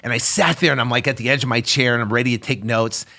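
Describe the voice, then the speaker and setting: A gravelly, medium-pitched man in his fifties talks fast while telling a story as a podcast guest. In this casual conversation he's animated and acts out the voices of the story's characters.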